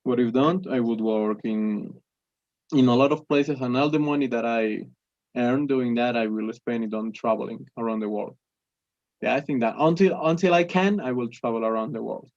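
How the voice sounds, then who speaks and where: A man's voice: mid-range voice, normal speed, a little mellow, no room sound, dull audio. A young man whose first language is Spanish, practicing English conversation, hesitant with many restarts and fillers. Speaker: English student.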